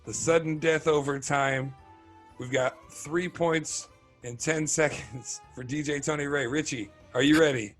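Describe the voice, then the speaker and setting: Guy hosting a podcast quiz, slightly high voice, fires questions fast and laughs a lot. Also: fairly even intonation, soft background music. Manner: rapid-fire questions, laughs often. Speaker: podcast host running a quiz game.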